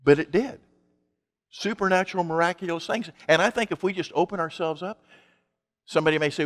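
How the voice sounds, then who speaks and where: A man's voice: high-pitched, fairly quick, long pauses, long reverb tail. A male pastor preaching a sermon in an emphatic, conversational way, asking his congregation rhetorical questions.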